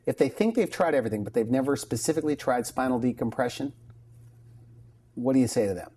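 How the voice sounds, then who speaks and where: A man hosting a talk show, asking quick, chatty questions and often restarting them. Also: mid-range voice, expressive, warm tone, slight background noise. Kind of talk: interviewing a guest.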